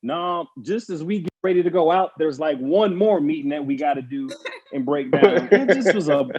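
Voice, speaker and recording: A former pro football player telling a story in casual chat, animated and laughing as he acts out the people in it. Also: on the high side, normal speed, slightly rough, lo-fi sound. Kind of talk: casual storytelling on a panel show.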